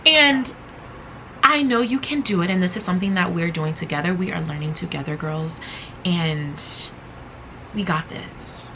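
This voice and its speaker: A woman's voice: fairly low pitch, normal speed, pushed and bright, slight background noise, low-quality recording. A woman hosting a motivational podcast, talking casually and emphatically, repeating phrases to drive her point home. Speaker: podcast host.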